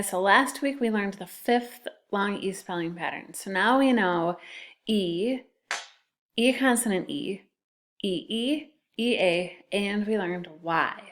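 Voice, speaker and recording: A woman teacher speaks slowly and patiently to young children, stretching out each syllable. She spells words letter by letter in a gentle, unhurried lesson voice. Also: medium pitch. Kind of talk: recorded classroom phonics lesson.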